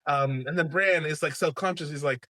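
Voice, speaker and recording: A man hosting a podcast, recapping a book in animated, playful casual chat. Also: a little high, normal speed. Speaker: podcast host.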